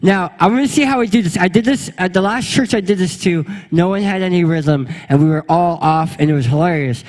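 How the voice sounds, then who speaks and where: A male pastor giving a lively, playful sermon, leading his congregation in a meowing game before telling a story. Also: high voice, brisk. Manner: playful, energetic, leads the crowd in a meowing game. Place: church sanctuary before a congregation.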